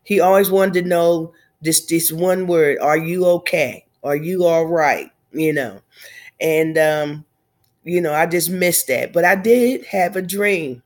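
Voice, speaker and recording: A woman in her fifties, slightly nasal from a cold, speaking haltingly through grief in a personal video diary. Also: lowish voice. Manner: tearful, halting, reflective. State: congested from a cold. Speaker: vlogger.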